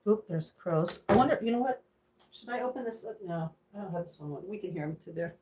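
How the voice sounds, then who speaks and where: A woman's voice: lowish voice, animated, fairly quick, a little mellow, a little hiss or hum. A middle-aged woman livestreaming from her home kitchen, chatting loosely as she cooks. She greets viewers by name and drifts into rambling asides, her talk casual and unscripted. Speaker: cooking livestreamer. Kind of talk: casual livestream chat while cooking.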